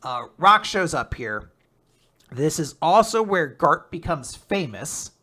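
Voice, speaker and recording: Excitable bright-voiced man recapping manga. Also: on the high side, slow pace. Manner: excitable, laughs often, swears, jumps into voices for characters. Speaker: podcast co-host recapping manga. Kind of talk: casual chat, animated retelling with quick voiced quotes.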